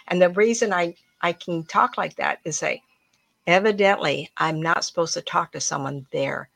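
Low gravelly woman, chatty medium. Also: fairly quick, fairly bright tone, dry recording. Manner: chatty, storytelling, emphatic. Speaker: spiritual medium host. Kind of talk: casual spiritual talk. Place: room at home with plants.

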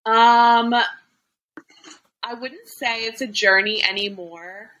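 A woman's voice: fairly high pitch, fairly even intonation, slow, fairly bright tone, dull audio. A young adult woman hosting a podcast, chatting casually with lots of fillers and restarts. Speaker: podcast host. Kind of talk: casual chat.

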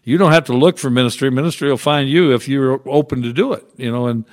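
A man's voice: medium pitch, fast. A middle-aged man, a trucker chaplain, telling stories in a casual interview with a folksy manner and frequent chuckles. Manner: folksy, chuckles often through his stories.

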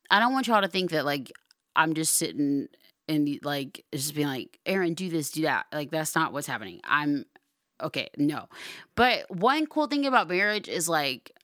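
A young woman hosting her podcast in casual solo talk, chatty and playful, now and then loud and excited. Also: deep voice, no room sound. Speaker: podcast host.

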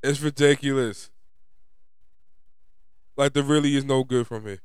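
A young man from New York, his New York accent coming through as he rants. He talks in an emphatic, profane, fed-up way, like a fan vlogger venting. His voice is smooth and resonant, recorded dry and close. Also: mid-range voice, fairly even intonation, a little slow, no echo. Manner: frustrated, profane, emphatic ranting. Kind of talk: ranting fan commentary.

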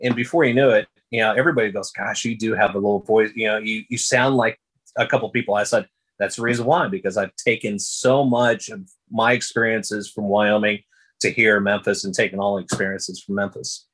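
A man who works as a public address announcer, chatting in an interview and telling stories in a loose, animated way. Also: on the low side, fairly quick, breathy edge, poor audio. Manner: storytelling, animated impressions of announcers. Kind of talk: casual interview talk.

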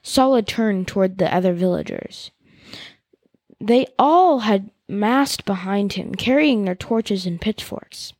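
A woman podcast host reading a novel aloud in a steady, expressive way. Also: mid-range voice, slow, no room sound.

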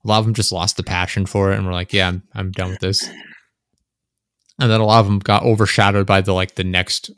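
Casual podcast co-host: young man, low-pitched, animated rambling delivery, dry close mic. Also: brisk, clear, resonant tone, no echo. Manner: animated, swearing, rambling with many fillers. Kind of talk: casual chat. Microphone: close desk microphone.

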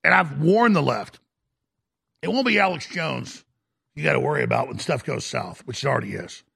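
Gravelly ranting male talk host. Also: medium pitch, expressive, moderate pace. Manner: aggressive, shouting rant. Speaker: radio talk show host. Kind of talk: ranting talk-show monologue.

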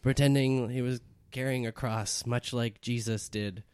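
A man narrates an improvised comedy scene, building it up playfully. His voice sits at a middle pitch. The recording is dry and close. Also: steady tone, a little slow, darkish tone, clear, resonant tone, dry recording. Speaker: podcast host narrator.

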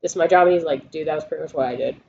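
A Marine veteran co-hosts a casual veterans' podcast, telling stories full of swearing and laughter. Her low voice is mellow and creaky, and she talks at a racing clip. The sound is dull and lo-fi.

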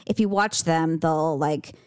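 A woman's voice: low voice, a little slow, clean tone, no room sound, clean studio sound. A woman in her forties chatting casually as a podcast co-host, telling a story with lots of acted-out quotes and frank swearing. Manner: animated storyteller, acts out quotes, swears freely. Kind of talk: casual chat.

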